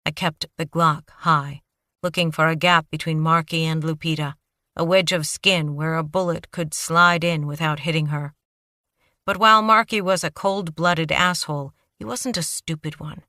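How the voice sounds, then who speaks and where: A woman's voice: low voice, fairly even intonation, moderate pace, pushed and bright, no room sound. A woman narrating a first-person thriller audiobook in a tense, dramatic style with clipped phrasing, close to the mic.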